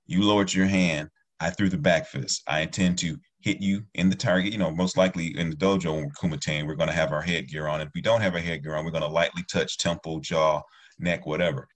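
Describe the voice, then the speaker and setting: Low husky man talking earnestly. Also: fairly even intonation, a little fast. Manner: earnest, rambling storyteller with many restarts. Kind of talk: casual conversational discussion.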